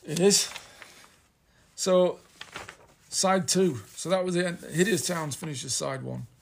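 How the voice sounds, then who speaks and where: A man's voice: sits high, takes it slowly, gravelly, slight background noise. A man hosting a casual album chat, rambling and hesitant as he reads out lyrics. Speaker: podcast host reviewing an album.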